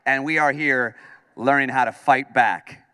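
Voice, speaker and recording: A man's voice: mid-range voice, a little slow, clear, resonant tone. A man from upstate New York working as a radio host, giving a comedic speech in a large conference hall and acting out his own lines as he tells stories. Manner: animated storytelling, acts out his own lines. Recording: long hall reverb.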